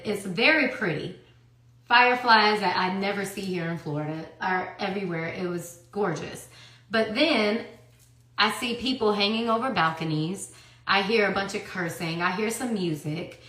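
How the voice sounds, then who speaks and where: A woman telling a personal story in a casual tell-all monologue, emphatic and profane, swinging between hushed and loud. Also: medium pitch, reverberant. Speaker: storyteller recounting personal events.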